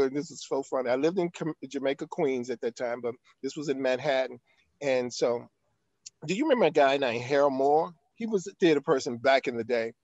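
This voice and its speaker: A man's voice: mid-range voice, a little fast, a little mellow, dry recording, lo-fi sound. An older man, an actor, telling a long anecdote in an interview, acting out quotes and using frequent fillers. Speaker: actor guest. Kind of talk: storytelling in an interview.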